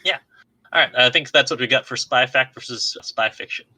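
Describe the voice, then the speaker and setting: Very bright-voiced chatty podcast host. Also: male voice, mid-range voice, a little fast, rough recording. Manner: chatty, laughs often, self-deprecating. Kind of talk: casual podcast chat.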